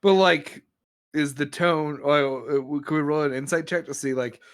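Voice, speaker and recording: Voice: medium pitch, steady tone, moderate pace, smooth. A player in a tabletop game, talking casually and joking around.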